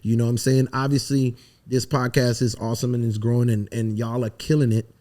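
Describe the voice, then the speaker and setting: A man from the Virgin Islands, a songwriter telling animated, emphatic stories and swearing freely in a casual podcast interview. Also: medium pitch, brisk. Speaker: songwriter guest.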